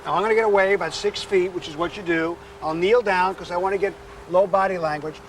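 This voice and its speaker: At an on-location training demo, a male dog trainer talks fast with fairly even intonation, with slight background noise. He chattily explains a temperament test to a couple and coaxes the dog in a high, sing-song voice.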